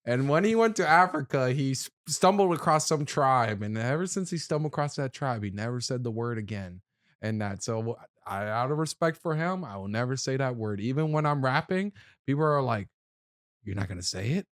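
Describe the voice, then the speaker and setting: Male podcast guest from South Florida; earnest, easy laugh, smooth resonant voice. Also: mid-range voice, animated, fairly quick, no room sound, studio quality. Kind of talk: casual podcast chat.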